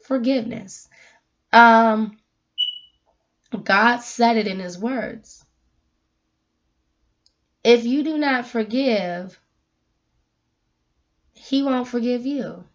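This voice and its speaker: A woman vlogger giving a casual spiritual talk, animated and emphatic as she tells stories. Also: a little high, very slow, pauses often. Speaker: vlogger giving a faith message. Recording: dull lo-fi recording.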